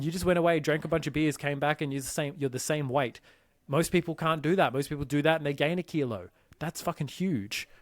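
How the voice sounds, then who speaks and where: Fast-talking, fiery fitness coach man. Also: a little high, dry recording, studio quality. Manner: fiery, swears, mimics clients in quoted asides. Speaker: podcast co-host, fitness coach. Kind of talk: casual podcast chat.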